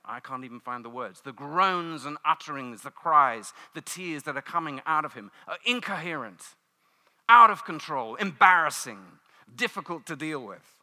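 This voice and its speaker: Animated British preacher in a reverberant hall. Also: male voice, on the high side. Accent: British English. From United Kingdom. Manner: animated storytelling, mimics cheering crowds. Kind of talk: sermon.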